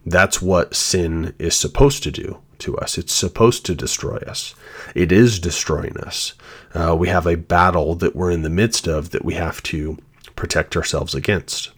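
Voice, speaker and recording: A man's voice: deep voice, measured pace, slightly rough. A man hosting a devotional podcast, speaking in an earnest, reflective way and sharing his own story. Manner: earnest and reflective, shares personal testimony. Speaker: podcast host.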